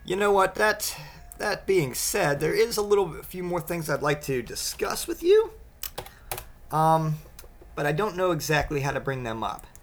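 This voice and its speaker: A man in his thirties talks at length in a loose, rambling monologue. He stumbles over words and restarts his sentences often. His voice sits a little high, with faint noise in the background. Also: big pitch swings, vocal fry. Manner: rambling, halting, many restarts.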